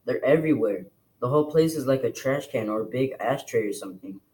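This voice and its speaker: Guy reading a chapter out loud to a class, steady and plain. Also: medium pitch, brisk, low-quality recording. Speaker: reader. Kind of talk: reading a novel aloud to a class.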